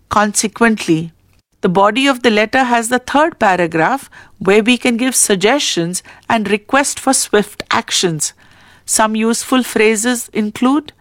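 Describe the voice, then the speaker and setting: A woman's voice: mid-range voice, expressive, dry recording, clean studio sound. Woman teacher reading a lesson. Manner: slow, deliberate classroom reading with careful stress. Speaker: English teacher. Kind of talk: reading a textbook lesson aloud.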